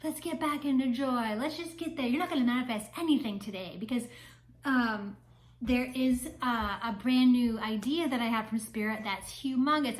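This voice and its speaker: A woman's voice: on the high side, rough recording. A woman, a spiritual mentor talking casually to camera in a chatty way, often checking in with "right?". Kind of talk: casual vlog talk to camera.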